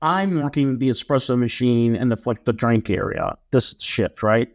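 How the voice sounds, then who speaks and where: A young man co-hosting a podcast, telling a story in a casual, animated way and acting out what people said. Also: medium pitch, normal speed, vocal fry. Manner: animated storyteller, acts out quotes. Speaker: podcast co-host.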